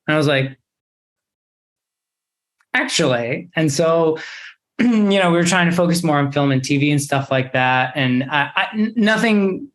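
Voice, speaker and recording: A young adult man, an actor guest in a casual interview, telling a story in a lively, expressive way. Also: a little high, unhurried, long pauses.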